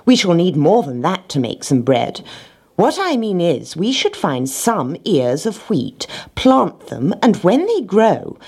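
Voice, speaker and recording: A woman doing a brisk little hen, lifted a touch higher and husky, insistent and explaining things patiently, pitch swinging up as she presses her point. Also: big pitch swings, darkish tone, exaggerated voice. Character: bossy earnest little hen with a plan.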